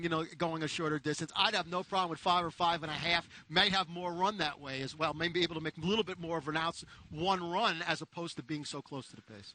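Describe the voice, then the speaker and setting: A man's voice: high-pitched, bright, forceful tone. A man analyzing horse race replays in an eager way, with frequent restarts.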